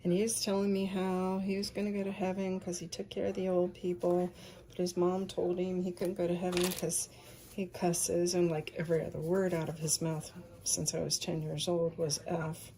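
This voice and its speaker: A woman in her fifties telling a personal faith testimony, soft-spoken and often sinking into a breathy whisper. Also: fairly low pitch, completely flat delivery, normal speed. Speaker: speaker sharing a faith testimony.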